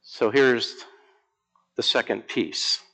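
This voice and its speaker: A man who is an Episcopal priest, preaching a lively, emphatic sermon in church with humorous asides. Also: medium pitch, takes it slowly, poor audio.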